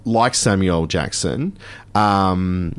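A man's voice: sits low, slow pace, smooth. A man, co-hosting a community radio show and gushing through a film review in casual chat. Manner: chatty, gushing, enthusiastic. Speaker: radio co-host. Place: radio studio.

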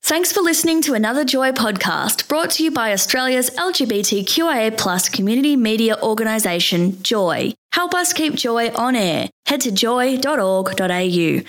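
A woman announcer reading a scripted station outro in a smooth, even manner. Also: on the high side, moderate pace, hardly any pauses.

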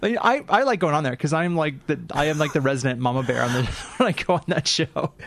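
A woman co-hosting a radio show, telling stories in a casual, animated way and laughing often. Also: low-pitched, fast, no room sound. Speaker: radio co-host. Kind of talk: casual chat. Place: radio studio.

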